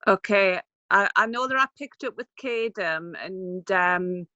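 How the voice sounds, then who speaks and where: A woman on a team video call, explaining a problem in a calm, matter-of-fact way. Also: medium pitch, unhurried, no room sound. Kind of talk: casual online meeting talk. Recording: dull video-call audio.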